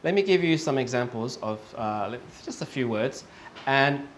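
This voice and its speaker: A man teaching English, speaking slowly and patiently, repeating example words several times and checking in with "okay?" often. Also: medium pitch, expressive, a little hiss or hum. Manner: slow and patient, with many fillers and checks of "okay?". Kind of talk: online lesson.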